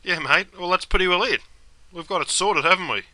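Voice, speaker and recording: A man's voice: high-pitched, a little fast, bright, forceful tone, dry recording, low-quality recording. A young man with an Australian accent playing a laid-back mate full of slang in a comedy sketch. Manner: broad slang-laden banter. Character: laid-back Aussie bloke Bruce, slang-heavy mate.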